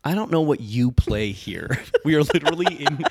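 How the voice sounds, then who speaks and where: A man's voice: fairly high pitch, lively intonation, moderate pace, a little mellow, slightly rough. A young man from Canada chatting casually as a podcast co-host, joking about himself and laughing often. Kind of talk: casual banter.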